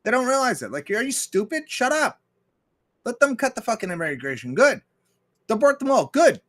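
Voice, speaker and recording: A man's voice: very high voice, very animated, moderate pace, fairly bright tone. A man hosting a livestream, ranting bluntly and profanely, and reading viewer messages aloud. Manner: reads viewer chat aloud. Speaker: livestream host. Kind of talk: casual ranting commentary.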